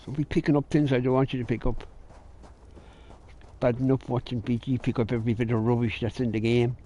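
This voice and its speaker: A man's voice: mid-range voice, level tone, brisk, warm tone. A man giving casual let's-play commentary, grumbling and swearing under his breath as he plays. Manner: grumbling, swearing, muttered asides. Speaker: gamer.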